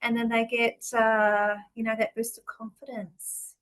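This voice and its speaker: A woman's voice: fairly high pitch, monotone, unhurried, rough recording. Effusive woman podcast host. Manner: warmly affirming, effusive. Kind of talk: casual podcast interview.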